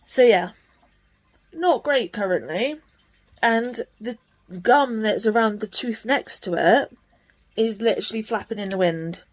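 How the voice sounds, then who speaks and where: A woman's voice: a little high, measured pace. Frank woman, casual home vlog. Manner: frank and blunt, mildly annoyed. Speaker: vlogger.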